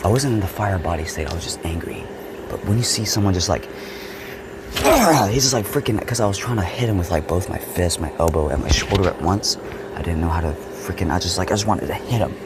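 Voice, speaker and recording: A man casually telling a story from his school years, acting out the voices and swinging from whispers to shouts. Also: sits low, quick pace, very noisy. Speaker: vlogger.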